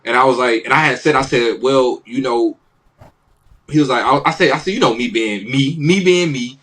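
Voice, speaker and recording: A man's voice: medium pitch, moderate pace, fairly bright tone. A man co-hosting a podcast, retelling a conversation in casual chat and repeating himself as he goes. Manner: repetitive, retelling with many "he was like". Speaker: podcast co-host.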